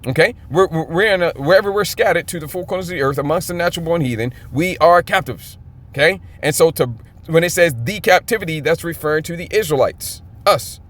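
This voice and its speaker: A man's voice: on the high side, fairly quick, fairly bright tone. A man teaching scripture in a fired-up, emphatic way, often checking in with his listeners. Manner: emphatic, keeps checking in with "okay?". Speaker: Bible teacher.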